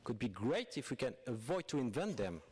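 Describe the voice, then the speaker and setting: A man's voice: medium pitch, very animated, a little fast, a little mellow, slight background noise. A man with a French accent, reading a prepared speech as a conference presenter, earnest and forthright with some hesitant fillers.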